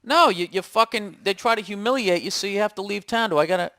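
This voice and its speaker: A man's voice: high voice, quick pace, a bit bright, dry recording, clean studio sound. A man co-hosting a casual comedy podcast in an apartment, with sarcastic, teasing banter. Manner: sarcastic, teasing, reads aloud mockingly. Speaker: podcast co-host.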